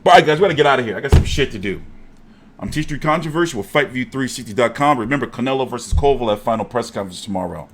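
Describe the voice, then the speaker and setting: Animated, lively-voiced boxing host man. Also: mid-range voice, very fast, slight background noise. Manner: animated, profane, jokey. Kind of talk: casual boxing chat.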